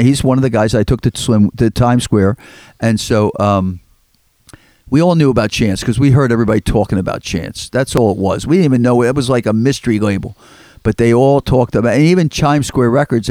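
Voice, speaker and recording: A man's voice: fairly low pitch, warm tone, no room sound. An older man, telling rambling stories as an interview guest and acting out quotes. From Philadelphia. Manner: rambling, repeats words, acts out quotes. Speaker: record collector guest. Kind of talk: storytelling in an interview. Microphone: studio microphone.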